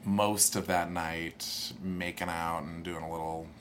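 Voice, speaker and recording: A young man telling a long personal story in casual chat, animated and jumping into higher voices when he quotes people. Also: measured pace, slight background noise.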